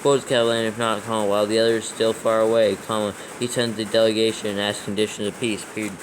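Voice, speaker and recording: A man's voice: lowish voice, little pitch movement, quick pace, noisy background. A man reading scripture aloud for proofreading, steadily naming every comma, capital and quote mark as he goes. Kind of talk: dictating text with punctuation read aloud.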